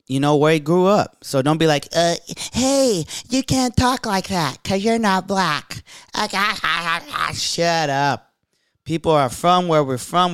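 A man's voice: mid-range voice, clean tone, no room sound, clean studio sound. A young adult man hosting a podcast, talking in an upbeat, hyped way and swearing freely. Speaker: podcast host. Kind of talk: casual podcast intro.

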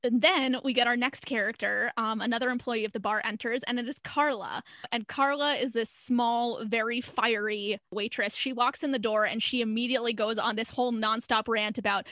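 A young woman with a bright, clear voice talks through a sitcom episode in a relaxed podcast chat. She slips into quick impressions of the characters and laughs often. The sound is close and dry. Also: on the high side, dry recording. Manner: animated storyteller, acts out quotes, laughs often. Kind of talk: casual chat.

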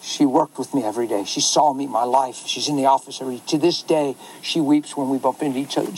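A man who is a pastor, telling a story in an animated way, laughing often and acting out the voices of others. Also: mid-range voice, fast, hardly any pauses, slight background noise, poor audio. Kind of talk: storytelling talk.

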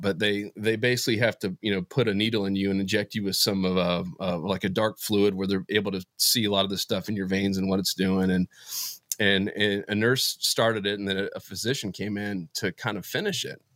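A man telling a personal faith story as an interview guest, emotional and halting, often restarting his sentences. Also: deep voice, fairly even intonation, fairly bright tone, no echo, studio quality. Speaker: podcast guest. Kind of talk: personal faith testimony in conversation.

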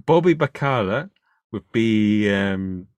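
A man's voice: lowish voice, lively intonation, slow pace, a little mellow, clear, resonant tone, no room sound. A man who is a comedian, a guest on a podcast, speaking hesitantly and searching for words as he thinks aloud. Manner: hesitant, many fillers and restarts while thinking. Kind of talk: casual interview chat.

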